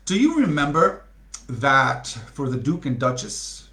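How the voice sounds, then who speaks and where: Male storybook reader, slow and lively, bright tone, chatty asides, echoey room. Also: mid-range voice. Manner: chatty, laughing asides to listeners. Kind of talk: read-aloud storytelling with asides.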